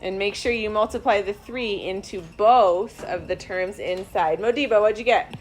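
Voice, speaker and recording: A woman math teacher in a classroom, walking students through problems step by step in a slow, deliberate way. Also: medium pitch, a little hiss or hum. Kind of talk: classroom instruction.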